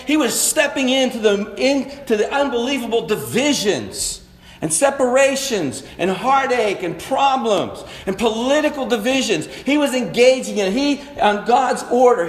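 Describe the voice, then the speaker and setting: A male pastor preaches in a loose, conversational sermon style, slipping into quick acted-out chats between neighbors. His voice sits high for a man. The sound rings with a long reverb, as in a large church hall.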